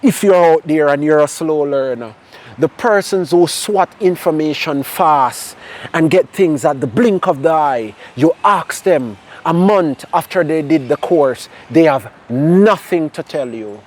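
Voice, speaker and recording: A man with a Jamaican accent sharing his personal testimony in a conversation, telling it in a lively way with bits of patois. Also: a little high, a little slow. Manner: animated storyteller mixing in patois. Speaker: interview guest.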